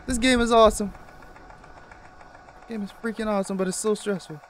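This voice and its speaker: A man's voice: high-pitched, fairly even intonation, brisk, long pauses, a little hiss or hum. A man commenting nervously while playing a horror game, reacting with jumpy outbursts over the game's music. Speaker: gaming YouTuber. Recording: loud game music behind.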